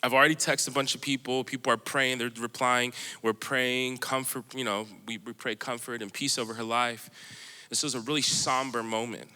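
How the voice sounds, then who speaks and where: A man's voice: medium pitch, little pitch movement, moderate pace, bright, forceful tone, smooth. Rambling man telling a story in a hall. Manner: rambling, filler-heavy, laughs while telling. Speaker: panelist sharing a missions story. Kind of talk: casual storytelling on a panel. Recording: echoey hall with long reverb.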